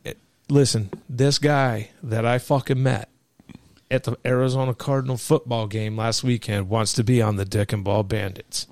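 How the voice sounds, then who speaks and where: A man's voice: medium pitch, fairly even intonation, moderate pace, a little mellow, no echo. A man hosting a podcast, talking in loose, profane, joking banter with his friends. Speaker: podcast host. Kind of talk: casual crude banter.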